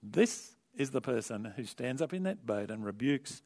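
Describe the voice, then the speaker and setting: A man preaching a sermon in an animated storytelling manner, with conversational asides to the congregation and big swings between quiet and loud emphasis. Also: mid-range voice, moderate pace, gravelly.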